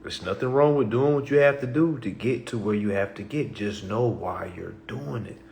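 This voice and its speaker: A man's voice: normal speed, gravelly, a little hiss or hum. Emphatic man ranting on a livestream. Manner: emphatic, fillers like all right and okay; swings from low-key to loud animated bursts. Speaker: livestream host. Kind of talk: casual livestream monologue.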